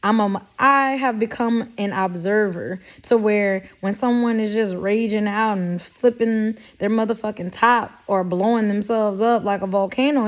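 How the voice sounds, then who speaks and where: A woman talking straight to camera in a sassy, blunt way, giving life advice and acting out mock quotes. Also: medium pitch. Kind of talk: casual direct-to-camera talk.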